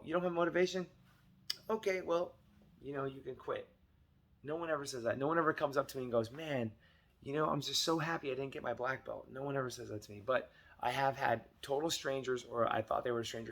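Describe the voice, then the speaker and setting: A man's voice: mid-range voice, vocal fry. A middle-aged man, a martial arts instructor, giving casual advice to parents and acting out quoted dialogue as he goes. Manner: chatty, acts out quoted dialogue.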